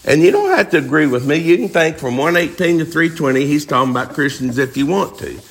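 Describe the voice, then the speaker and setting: A man's voice: a little high, big pitch swings, fast, breathy edge. A man preaching a sermon, emphatic, firing rhetorical questions at the congregation.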